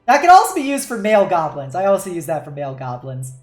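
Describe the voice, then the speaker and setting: A woman's voice: on the low side, very animated, quick pace, faint music behind. Chatty woman in an echoey room. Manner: chatty, laughs often. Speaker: host and game master. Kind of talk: casual roundtable chat.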